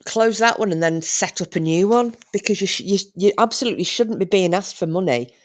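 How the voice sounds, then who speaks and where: This livestream host is a British woman with a mid-range voice and a brisk delivery. In casual chat she works through viewer comments and spins a rambling story full of restarts, all in British English.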